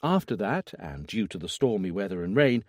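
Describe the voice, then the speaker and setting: A man's voice: on the low side, big pitch swings, normal speed, darkish tone, no room sound, studio quality. A man voicing a female forensic doctor who reports in a neutral, professional tone. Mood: clinical. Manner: neutral, clinical.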